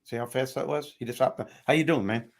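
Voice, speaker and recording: A man's voice: medium pitch, quick pace. Male host, mid-range voice, comic and self-mocking, loose chatty delivery. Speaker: talk show host. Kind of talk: comedic motivational talk show.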